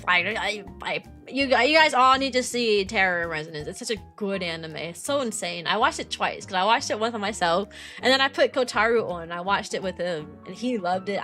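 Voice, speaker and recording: A young woman streaming as a VTuber, chatting casually and rambling with lots of "like". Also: medium pitch. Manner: rambling, lots of "like", bubbly and animated. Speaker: VTuber streamer and kindergarten teacher. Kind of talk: casual stream chat answering viewers.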